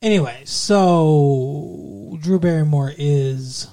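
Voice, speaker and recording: A podcast co-host rambles about a movie in casual chat, dropping the odd swear word. His voice is a little high and warm, and he talks extremely slowly.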